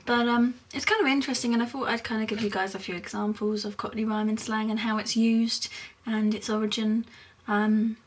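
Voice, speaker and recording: A young woman from Essex with an Essex accent, chatting casually in a rambling vlog, giggling often and filling pauses with lots of ums. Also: fairly high pitch, steady tone, recorded from a distance, slight background noise. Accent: Essex English. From England (Essex).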